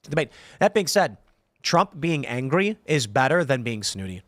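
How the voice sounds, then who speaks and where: Speaking at normal speed with a medium-pitched voice, this male podcast host works through viewer comments in a casual chat. He tells stories with animation, performing the quotes, and there is no room sound.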